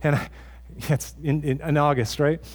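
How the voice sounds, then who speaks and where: A man's voice: on the high side, fairly even intonation, moderate pace. A man preaching a sermon as pastor in a church, earnest and conversational, often restarting his phrases.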